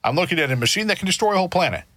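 A man talks through his ideas in a relaxed discussion, circling back and restarting as he builds each point. His voice is bright and forceful, and it sounds dry and close to the mic. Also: high-pitched, racing, dry recording. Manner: earnest, explains at length with many restarts. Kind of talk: casual discussion.

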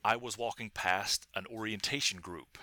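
A man's voice: lowish voice, sharp tone, no echo. A man, a linguist, discussing his research in a casual academic conversation, talking with frequent restarts and fillers. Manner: halting, many restarts. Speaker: linguist guest.

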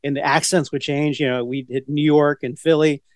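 A man's voice: fairly high pitch, little pitch movement, normal speed, no room sound, studio quality. A middle-aged man co-hosting a casual podcast chat, rambling from one story to the next with many restarts. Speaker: podcast co-host.

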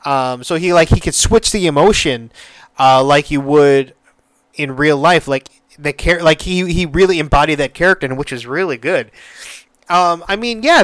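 Rambling, profane podcast host with a smooth voice. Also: male voice, high voice, fairly bright tone, no echo. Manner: rambling, repeats words, swears freely. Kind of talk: casual solo podcast chat.

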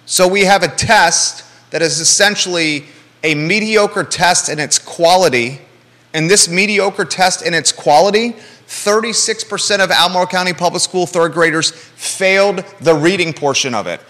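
A man's voice: high voice, moderate pace, pushed and bright, big-room sound. A man hosting a live local talk show, blunt and emphatic, with joking asides.

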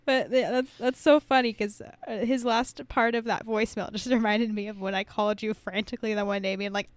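A woman co-hosting a podcast, talking casually and warmly, with plenty of swearing and filler words. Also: on the high side, steady tone, brisk, hardly any pauses, no room sound. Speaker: podcast co-host.

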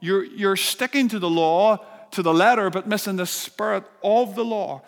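Jesus, crying out, as a preacher voices him. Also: male voice, high-pitched, normal speed. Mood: impassioned. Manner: impassioned, pleading. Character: Jesus, a man crying out with loving urgency. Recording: long hall reverb.

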